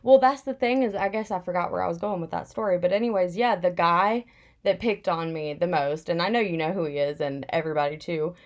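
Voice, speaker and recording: A woman's voice: lowish voice, brisk. A young woman in casual chat, telling a personal story candidly with plenty of "like" fillers.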